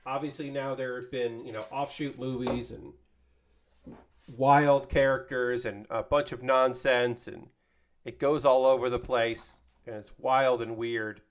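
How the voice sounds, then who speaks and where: A man's voice: mid-range voice, steady tone, a little slow. Chatty man rambling while building. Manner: rambling, chatty, swears casually, reads chat aloud. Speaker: streamer. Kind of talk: casual chat while building a model kit.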